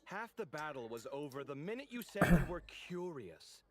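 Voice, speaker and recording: An actor playing a dramatic, fussy young male architect in a video game, expressive and sarcastic. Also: a little high, normal speed, crowd noise. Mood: earnest, teasing. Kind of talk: game voice acting.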